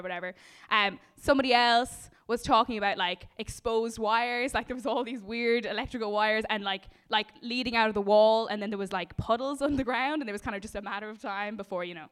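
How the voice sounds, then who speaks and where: Young irish woman rambling through improvised comedy bits, giggly and self-mocking, smooth clear voice, a bit high. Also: fast talker, fairly bright tone. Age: young adult. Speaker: panelist.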